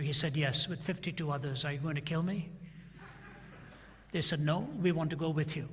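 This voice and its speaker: A man's voice: a little high, steady tone, moderate pace, long pauses, a bit bright, husky. An older male preacher telling a story in a sermon, acting out both sides of a dialogue in a dramatic retelling. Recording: long reverb of a large hall.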